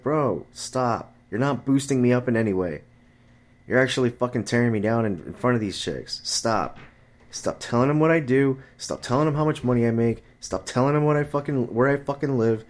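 A man ranting casually about his friends and dating, swearing often and jumping his voice up to mimic other people. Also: fairly quick. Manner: profane, exasperated storytelling; jumps high to mimic chatty friends and women. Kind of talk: casual rant.

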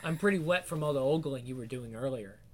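A man's voice: medium pitch, quick pace, slight background noise, natural voice. A teasing older woman tutor, as a male reader puts her on. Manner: teasing, sultry. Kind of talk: adult audiobook narration.

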